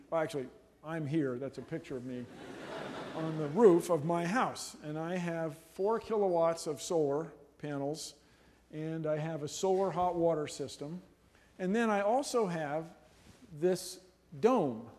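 A middle-aged man giving a humorous university lecture in a lecture hall, animated and jokey. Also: on the high side. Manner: animated, jokey, playful voices and laughs. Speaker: guest lecturer.

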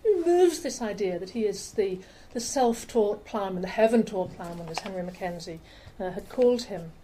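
A woman lecturing to an audience over slides, in a mellow, warm tone. She talks in a chatty way, stopping now and then to correct herself. There is a faint hum of room noise behind her. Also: mid-range voice, expressive, normal speed, low-quality recording. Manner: chatty, with fillers and self-corrections. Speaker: lecturer on rare books. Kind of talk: public talk with slides.

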